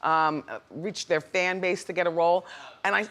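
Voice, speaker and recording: A woman's voice: on the low side, fairly even intonation, moderate pace, a bit bright. A woman hosting a talk show, chatting playfully and laughing often with her studio audience.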